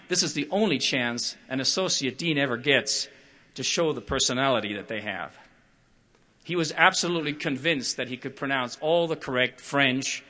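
Measured and expressive, an older man with a medium-pitched voice gives a prepared public talk, acting out each quoted voice in his stories.

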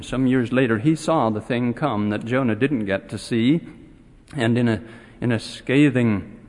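Brief: male scripture teacher, ordinary mid voice, hesitant delivery that livens up in the stories, long hall reverb. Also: mid-range voice. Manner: halting, many filler pauses, grows animated when retelling stories. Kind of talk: classroom lecture on scripture.

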